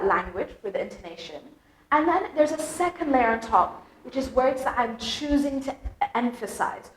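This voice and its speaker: British woman, English teacher, fairly high, melodic stressing, echoey room. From Britain. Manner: melodic, exaggerated stress on key words. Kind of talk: lively explanatory lesson.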